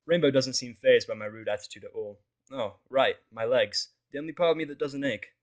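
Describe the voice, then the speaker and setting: A man's voice: medium pitch, fairly quick. A man narrating a fan audiobook in the first person, with a dry, wry storytelling manner.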